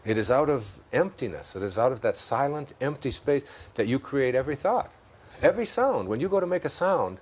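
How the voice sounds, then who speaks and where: A man with a Detroit accent talks through spiritual ideas in a relaxed interview. His voice is mid-pitched, and he tells little stories, chuckles often and slows down when he lands a point. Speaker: interview guest. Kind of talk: reflective spiritual conversation.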